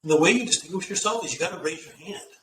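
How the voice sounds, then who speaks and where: A middle-aged man talking as an interview guest, telling career stories and giving earnest, animated advice. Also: high-pitched, rapid-fire, distant mic, background noise. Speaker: guest executive. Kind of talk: casual interview chat. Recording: echoey room, off-mic, faint ambience.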